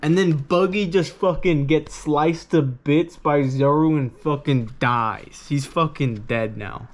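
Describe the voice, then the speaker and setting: Dude rambling about a manga, swears a lot, kinda high voice, excitable. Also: male voice, takes it slowly. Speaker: manga reviewer. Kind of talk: casual profane review.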